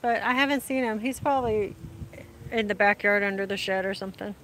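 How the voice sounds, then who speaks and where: A woman talks briskly in a mid-range voice, with slight background noise behind her. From a sunny outdoor spot she hosts a casual livestream on her phone, reading viewer comments aloud. She's chatty, offers warm greetings, and laughs often.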